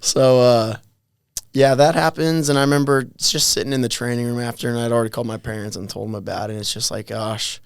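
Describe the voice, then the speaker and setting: A college athlete in his twenties, telling his story in a guest interview with many halting restarts and little chuckles. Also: mid-range voice, steady tone, vocal fry, clear, resonant tone, no echo, studio quality. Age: 20s. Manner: halting, repeats words, chuckles while telling stories. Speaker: college football player, guest.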